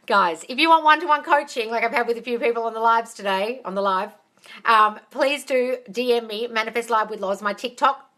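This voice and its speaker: A woman's voice: a little high, sharp tone. A woman answering viewer questions on a live stream as a manifestation coach, upbeat and encouraging, calling listeners "darling" and swearing casually, recorded on a phone. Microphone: phone camera.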